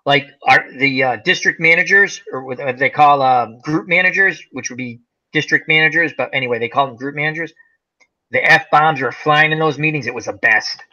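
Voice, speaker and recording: Man, host, casual chat, bright forceful voice, rambling, dull lo-fi audio. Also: on the high side, fairly quick. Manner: rambling storyteller, many fillers.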